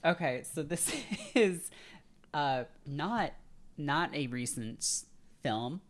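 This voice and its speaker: A woman's voice: deep voice, lively intonation, drawn-out words. A woman guest on a podcast, chatting casually and retelling film scenes in quoted voices. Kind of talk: casual chat.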